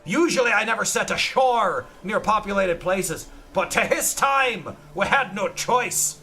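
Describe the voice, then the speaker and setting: A man's voice: high-pitched, lively intonation, unhurried, creaky, sharp tone, a little hiss or hum, pitched above the performer's own voice, exaggerated voice. A man voicing a boastful, greedy male pirate leader in a hammy put-on Irish accent, drawing out his H sounds. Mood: swaggering. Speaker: streamer reading in-game notes aloud.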